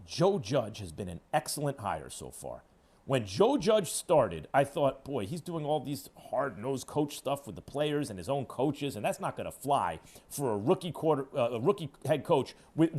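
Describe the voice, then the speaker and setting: On his sports radio program, a New Yorker holds forth in an opinionated monologue. His delivery hectors and emphasizes, moving back and forth between loud pronouncements and muttered low asides.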